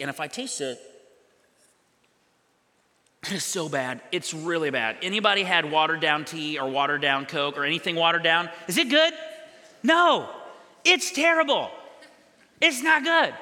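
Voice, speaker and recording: A man's voice: high voice, bright, forceful tone, long reverb tail. A male pastor preaching a sermon in a loose, conversational way, acting out little scenes for his congregation. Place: church sanctuary.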